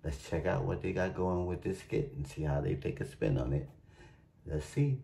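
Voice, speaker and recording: A man's voice: deep voice, normal speed, creaky, dark tone. A man hosting a reaction video, chatting in a laid-back way and talking straight to his viewers. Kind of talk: casual reaction video intro.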